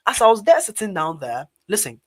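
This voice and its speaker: A Ghanaian man with a fairly high voice tells a story in an online public speaking webinar. He speaks in an animated, lively way, calling his listeners "guys" as he goes. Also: brisk, slightly rough. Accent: Ghanaian English. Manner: animated, talks directly to his audience as "guys".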